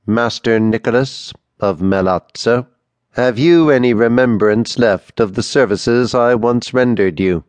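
A male audiobook narrator voicing a haughty, scheming duke who speaks slowly and weighs each word, with a cold, ironic edge. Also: mid-range voice, a little mellow, dry recording, voice pushed up, close to an everyday voice.

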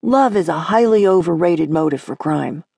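A woman's voice: fairly low pitch, lively intonation, moderate pace, vocal fry, mellow, breathy edge, dry recording, clean studio sound, heavily acted. A woman reading an audiobook, voicing a cocky, sardonic twelve-year-old boy with a theatrical, sneering manner.

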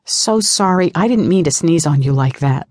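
A woman voicing a small, flustered young female student who pleads in a higher voice. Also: expressive, normal speed, a little mellow, no echo, studio quality.

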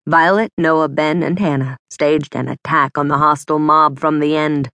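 A woman narrating a children's adventure audiobook in clear, measured storytelling. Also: low-pitched, steady tone, a bit bright, dry recording. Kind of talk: scripted narration.

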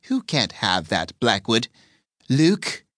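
A man's voice: medium pitch, wildly swooping pitch, slow pace, a bit bright, no echo, clean studio sound, exaggerated voice. A man voicing a defiant, sullen female succubus demon in an audiobook, snarling and sulky. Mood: indignant.

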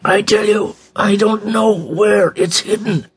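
A male narrator voicing a desperate man buried alive, with a rasping, strained, barely audible voice. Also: steady tone, slow, exaggerated voice. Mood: desperate pleading. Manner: frantic high cries, barely audible.

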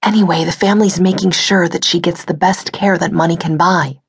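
A woman narrator voicing a nervous, secretive woman staffer in a breathy whisper, in a whispered role-play from an audiobook. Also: on the low side, fairly even intonation, a little fast. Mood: urgent.

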